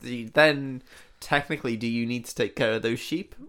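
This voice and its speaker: A man's voice: medium pitch, moderate pace, a bit bright. A man co-hosting a comedy podcast, riffing and laughing through silly banter. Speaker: podcast co-host.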